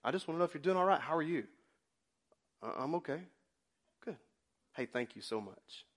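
A man's voice: on the high side, animated, normal speed, pauses often, breathy edge. Passionate male pastor preaching. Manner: passionate, swings from shouting to hushed confession. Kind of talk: sermon. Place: church sanctuary.

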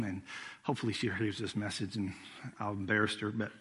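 A man's voice: on the low side, little pitch movement, brisk, a bit bright, husky. A middle-aged man preaching a sermon as executive pastor, telling family stories in a casual, conversational way. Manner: storytelling with acted-out quotes, conversational.

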